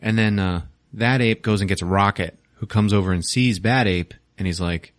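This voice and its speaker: Guy on a podcast recapping a movie, lowish voice, swears a lot, dry close mic. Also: normal speed, dry recording. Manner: crude, laughing, acts out scenes. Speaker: podcast host.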